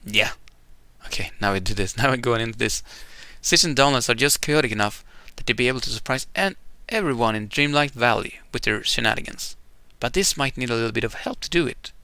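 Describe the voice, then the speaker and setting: A man's voice: mid-range voice, lively intonation, a little fast, sharp tone, smooth, dry recording. A man streaming a game, reading its text aloud in a chatty way with casual asides and laughing at himself. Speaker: gamer streaming an event.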